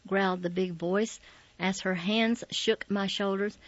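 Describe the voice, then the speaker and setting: A woman narrating a memoir in a calm, measured reading. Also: mid-range voice, dry recording. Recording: slightly dull, dry recording.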